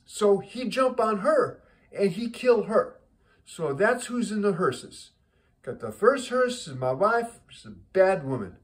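A man's voice: sits high, big pitch swings, slow pace, voice pushed up, full character voice, low-quality recording. A man voicing a blunt older Italian widower who speaks broken English and drops his verb endings. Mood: worked up.

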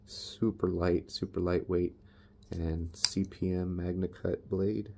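A man's voice: low-pitched, level tone, slow, gravelly, slight background noise. A man casually reviewing his knives in a laid-back, rambling, self-deprecating way. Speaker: knife reviewer.

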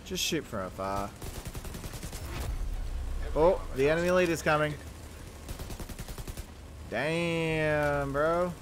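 Young male let's player, chatty and excitable, lively pitch, faint gunfire behind. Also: unhurried, pauses often, a little hiss or hum. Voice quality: chatty, excitable, self-mocking. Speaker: gaming channel host. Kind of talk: let's play commentary.

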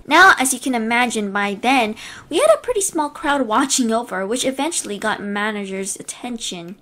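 Woman reading a story out loud, high voice, bouncy and expressive. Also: normal speed. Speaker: story narrator.

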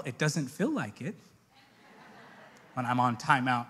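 A young adult man preaching a sermon, shifting from soft, hushed storytelling to loud, emphatic preaching. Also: mid-range voice, lively intonation, a little slow, breathy edge.

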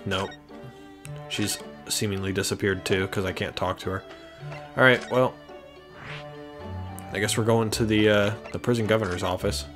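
A man's voice: fairly low pitch, fairly even intonation, moderate pace, pauses often. A young man casually commenting on a video game he is playing, wry and self-deprecating. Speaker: let's player. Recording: faint game music behind.

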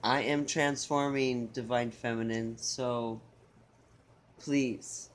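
A man reading channeled love messages in a soft, tender way, with repeated phrases and pauses. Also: medium pitch, fairly even intonation. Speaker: spiritual reader.

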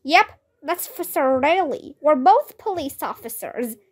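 Woman voicing a friendly male cop, grinning, jokey, high voice, slow storybook reading. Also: lively intonation. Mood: cheerful.

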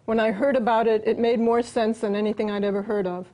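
A woman's voice: fairly high pitch, little pitch movement, fast talker, mellow. A woman answering as an interview guest, earnest and explanatory.

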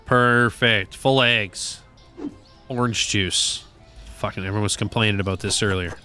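A man's voice: fairly low pitch, a little slow, soft background music. A man giving casual, joking gameplay commentary, talking to the game's characters and swearing now and then. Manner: animated, joking, swears and talks to game characters. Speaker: gaming video creator.

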